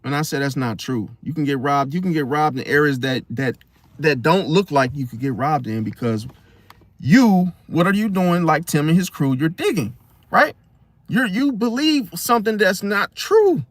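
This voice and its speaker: Animated man with a lively voice. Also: fairly high pitch, moderate pace, no room sound. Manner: animated, keeps asking "See?". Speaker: host. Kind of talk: casual astrology monologue.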